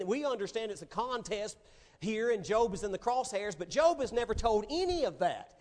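A man's voice: high voice, darkish tone, long reverb tail. A male pastor preaching a sermon in an emphatic, dramatic way.

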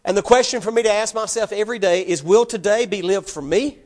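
A pastor with a high voice delivers an emphatic sermon. He keeps putting rhetorical questions to his congregation and pressing each point home. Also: quick pace, a little mellow.

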